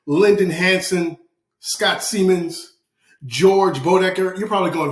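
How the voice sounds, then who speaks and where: A man's voice: high voice, measured pace, roomy sound. A man co-hosting a podcast, delivering a passionate, profane comedic rant with lots of repeated phrases. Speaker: podcast co-host.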